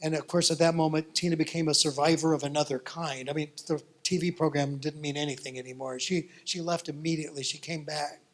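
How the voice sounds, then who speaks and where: High-voiced, folksy male pastor. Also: a little fast, hardly any pauses. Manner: animated, folksy storyteller. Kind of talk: sermon storytelling.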